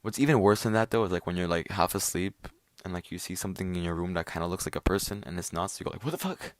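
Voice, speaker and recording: A young man rambles through a casual solo chat, full of fillers and swearing. His voice sits on the low side. The sound is dry and close. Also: fairly even intonation, fast, no room sound. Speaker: podcast host.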